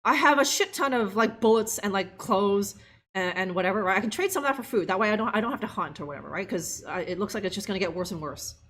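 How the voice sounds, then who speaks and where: A woman's voice: medium pitch, fast, fairly bright tone, slightly rough. A woman streamer chatting casually and laughing as she plays a game live and talks to her viewers. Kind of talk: live gameplay commentary.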